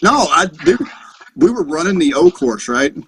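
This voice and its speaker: A man's voice: a little high, very animated, normal speed, a bit bright, slight background noise, rough recording. A Marine veteran in his thirties, a podcast guest telling profane, rambling anecdotes in a casual chat. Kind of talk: casual storytelling.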